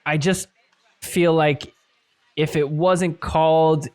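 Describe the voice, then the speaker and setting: A man's voice: on the high side, takes it slowly, clear, resonant tone. A man hosting a podcast, recapping match clips and acting out the players' reactions. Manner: animated, acts out players' reactions. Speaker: podcast host.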